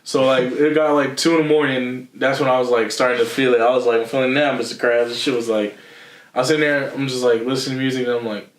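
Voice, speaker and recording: Quick-paced and mid-range, a young Philadelphia-area man co-hosts a casual podcast, laughing often and performing quotes as he tells stories. The mic sits far from him in an echoey room.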